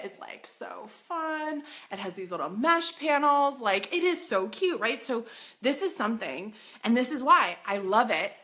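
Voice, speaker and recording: A woman coaching boutique owners in a casual live stream, bubbly and excitable, chatty and full of "like.". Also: a little high. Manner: chatty, says "like" often.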